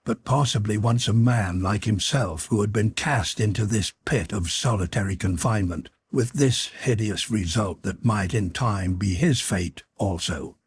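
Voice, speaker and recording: A man reads an adventure novel aloud in a fairly low, husky, raspy voice. He tells it in a measured, dramatic way. The recording is dry and close, with no room sound. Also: no echo. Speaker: audiobook narrator. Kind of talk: audiobook narration.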